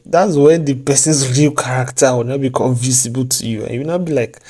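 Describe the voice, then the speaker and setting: A male vlogger gives relaxed advice directly to his viewers in a warm, mellow, mid-pitched voice. He talks briskly with hardly any pauses, often slipping into joking asides and laughing at himself.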